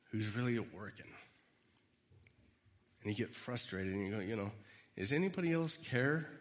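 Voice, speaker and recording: A man giving a conversational storytelling sermon, animated and retelling scenes. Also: mid-range voice. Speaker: preacher. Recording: reverberant hall.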